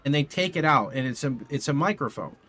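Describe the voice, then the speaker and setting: A young man streaming from his home setup, telling a rambling, animated story to his live chat and swearing casually into a studio mic. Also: fairly high pitch, fairly quick. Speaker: video game streamer. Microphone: condenser studio mic.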